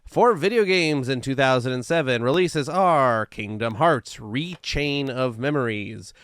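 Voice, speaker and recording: Man, podcast co-host, chatty, reads dates and lists, smooth voice, dry recording. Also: mid-range voice, unhurried, a bit bright, dry recording. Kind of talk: casual chat reading a history segment.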